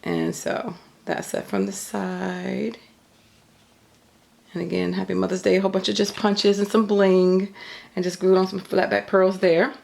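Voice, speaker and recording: A woman's voice: medium pitch, little pitch movement, measured pace, vocal fry, darkish tone. A middle-aged woman chatting casually as she shows off her crafts in a home vlog, rambling with lots of fillers and a little out of breath. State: a bit out of breath. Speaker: craft YouTuber. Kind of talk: casual show-and-tell vlog. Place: at home craft table, behind the camera.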